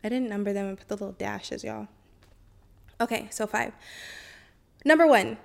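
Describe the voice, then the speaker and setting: A woman's voice: medium pitch, moderate pace, gravelly, pauses often. A woman hosting a self-help podcast, chatty and encouraging, often saying y'all and okay. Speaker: podcast host.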